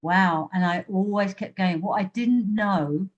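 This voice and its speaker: A woman's voice: mid-range voice, measured pace, darkish tone, dull audio. A woman hosting a podcast, chatting casually and drawing her guest in with tag questions. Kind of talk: casual chat.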